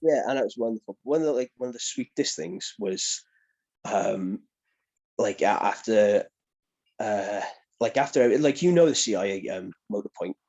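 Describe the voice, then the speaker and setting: A man's voice: fairly low pitch, normal speed, creaky, muffled recording. Chatty Welsh man telling stories. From Newport, South Wales. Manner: animated, chatty, laughs often, keeps asking "do you know what I mean". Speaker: professional wrestler guest. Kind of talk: casual storytelling interview.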